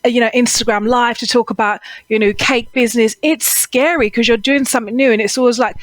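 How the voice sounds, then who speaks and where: A woman's voice: a little high, fairly even intonation, fast talker, dry recording. A woman vocal coach as an interview guest, talking earnestly and giving advice, with frequent "Mm-hmm"s. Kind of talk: interview conversation.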